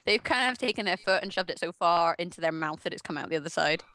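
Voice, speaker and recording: A woman's voice: on the low side, fast talker. A Scottish woman chatting casually on a podcast as a guest, telling stories with laughs. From Scotland. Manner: laughing, animated storytelling.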